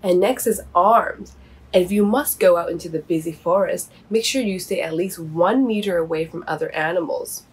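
A woman voicing a kind, patient old male owl who explains things gently and steadily in a children's storybook reading. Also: fairly low pitch, moderate pace, breathy edge. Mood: explaining.

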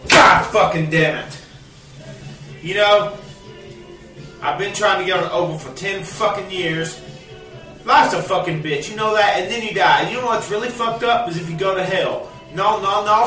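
A man ranting to the camera at home in a bitter, profane vlog, now and then bursting into shouts. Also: high-pitched, roomy sound, far from the mic. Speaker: vlogger. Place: cluttered home, indoors.

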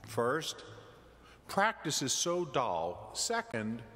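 A man's voice: medium pitch, wildly swooping pitch, very slow, fairly bright tone, full character voice. A man voicing a stubborn, whining grown man who refuses to get up. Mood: sulky. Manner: whiny, stubborn. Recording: church with long reverb.

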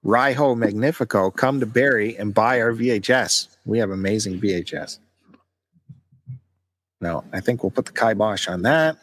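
Low-voiced podcast co-host. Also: male voice, moderate pace, a bit bright. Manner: chatty, teasing, plugs events. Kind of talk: casual chat.

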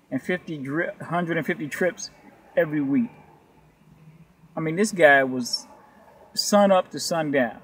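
Male gig driver ranting to camera, slightly high-pitched, loose and swearing, wandering from point to point. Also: slight background noise. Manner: loose, profane, rambling. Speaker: rideshare delivery driver. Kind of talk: casual ranting vlog.

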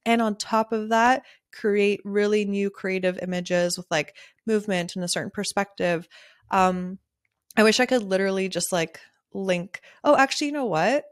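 A woman's voice: mid-range voice, moderate pace, no room sound. Chatty woman photographer, close dry mic. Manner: chatty and candid, laughs often, swears casually. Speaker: podcast host, wedding photographer. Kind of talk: casual solo podcast monologue.

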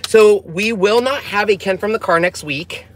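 A woman's voice: mid-range voice, normal speed, a little hiss or hum. A woman hosting a casual vlog from a car, melodramatic and complaining about a burning mouth. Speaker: vlog host. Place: inside a car.

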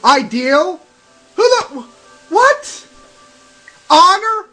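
High-pitched ranting young man. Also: very animated, drawn-out words, pushed and bright, low-quality recording. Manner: ranting, sarcastic, swears constantly. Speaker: let's play commentator. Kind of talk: profane game commentary. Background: game music.

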